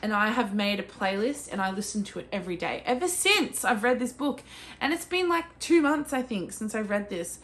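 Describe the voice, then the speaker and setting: A young Australian woman talking casually about books as a vlogger, gushing and excitable, with sudden squeals and swearing. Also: mid-range voice, moderate pace. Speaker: book vlogger. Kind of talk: casual chat.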